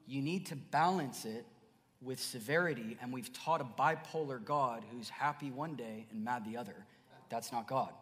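A man preaching a sermon as pastor, earnest, dropping to soft murmurs then rising to emphatic bursts. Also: medium pitch, normal speed. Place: church sanctuary. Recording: church hall reverb.

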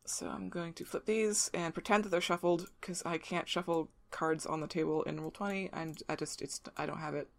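Woman, lowish voice, relaxed, explains rules step by step, casual call. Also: a little fast, gravelly, hardly any pauses. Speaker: game facilitator. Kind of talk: casual chat over voice call.

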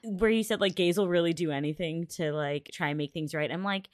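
A woman co-hosting a podcast in casual chat, blunt and swearing freely, breaking into loud laughs. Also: on the low side, brisk, no room sound, studio quality. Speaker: podcast co-host. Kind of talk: casual chat recapping a TV episode.

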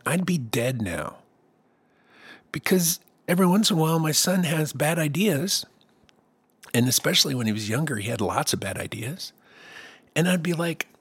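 A man's voice: mid-range voice, a bit bright, husky. A middle-aged man hosting his own music podcast, talking in a loose, comic, rambling way. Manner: loose, comic, with playful put-on voices. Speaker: podcast host and songwriter. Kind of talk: casual rambling monologue.

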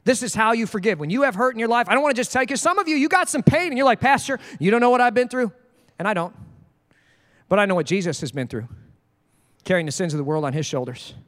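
Male pastor, high-pitched, rapid, animated sermon; reverberant hall. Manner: animated, jokey, acts out quoted voices.

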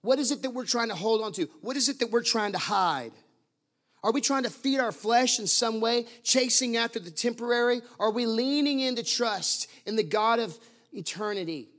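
High-voiced man preaching emphatically. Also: a bit bright. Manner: emphatic preaching, rhetorical questions, repeats phrases for stress. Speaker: pastor. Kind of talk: sermon.

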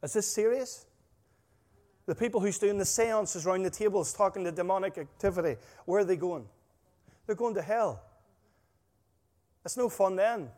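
High-voiced preacher, hall reverb. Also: male voice, darkish tone. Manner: emphatic, storytelling, rising and dropping volume. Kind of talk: sermon.

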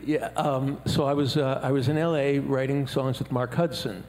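A man talks through his stories in a relaxed, animated way, slipping into other people's voices whenever he quotes them. His voice carries a long reverb, as if recorded in a large hall. Faint background noise sits under everything. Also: mid-range voice, moderate pace. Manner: animated storyteller who acts out quoted voices. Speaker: musician guest. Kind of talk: casual chat.

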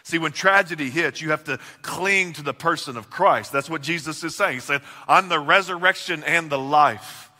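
A man's voice: fairly high pitch, moderate pace, hardly any pauses, pushed and bright, big-room sound. A man preaching a sermon as pastor, earnest, swelling and dropping his volume.

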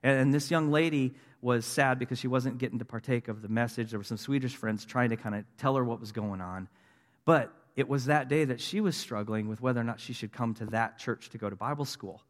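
A man's voice: medium pitch, brisk. A man in his fifties telling his conversion story as a sermon, earnest and building to emphatic declarations. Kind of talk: testimony sermon. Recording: long reverb of a large hall.

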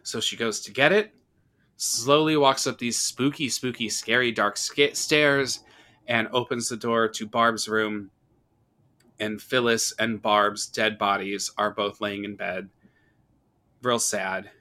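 A man's voice: on the low side, takes it slowly. A man hosting a casual podcast, talking through a horror film and acting out its lines. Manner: animated storyteller, acts out quotes. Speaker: podcast host. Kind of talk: casual horror movie discussion.

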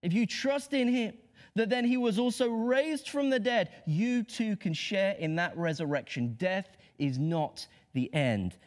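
A man delivers a Good Friday sermon in a notably high voice. He preaches with impassioned, rhetorical drive, sinking to hushed lows before climbing to emphatic peaks. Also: lively intonation, a little slow.

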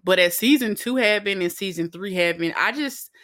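A woman co-hosting a podcast in casual chat, animated and profane, with her pitch leaping up when she acts out reactions. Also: normal speed. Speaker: podcast co-host.

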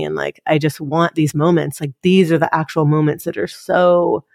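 A woman's voice: sits low, normal speed, vocal fry, few pauses, a little mellow, dry recording, studio quality. A woman hosting a podcast, talking in an earnest, reflective way about parenting and presence. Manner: earnest, reflective, tearful at times. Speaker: podcast host. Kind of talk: heartfelt conversational chat.

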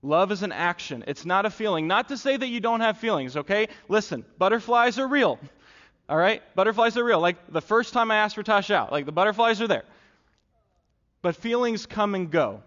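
Young male pastor, casual storytelling sermon, slightly high voice, dull recording in a reverberant hall. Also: lively intonation, a little fast, fairly bright tone. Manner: earnest, conversational storytelling with many fillers.

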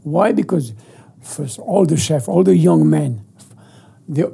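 An older man with a French accent, a chef being interviewed, talking with animated enthusiasm in broken English and often repeating his words. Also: on the high side, slow, creaky, husky. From France. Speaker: guest chef. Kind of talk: casual interview.

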